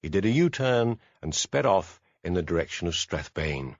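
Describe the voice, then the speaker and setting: A man narrating a mystery audiobook in expressive scripted narration. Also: low-pitched, normal speed, dry recording, highs cut off. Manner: expressive storytelling.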